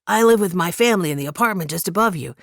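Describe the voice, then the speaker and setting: A woman's voice: on the low side, expressive, very fast, dry recording, clean studio sound. A woman narrator voicing an earnest, polite young man who addresses others with careful good manners.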